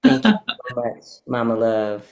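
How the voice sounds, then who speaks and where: A woman's voice: rumbling low, measured pace. A woman giving heartfelt, emphatic thanks to her mentors, repeating phrases for weight.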